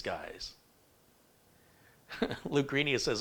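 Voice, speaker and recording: A man's voice: on the low side, normal speed, fairly bright tone. A man hosting a PC-building live stream, rambling casually and reading viewer comments aloud. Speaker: PC building livestream host.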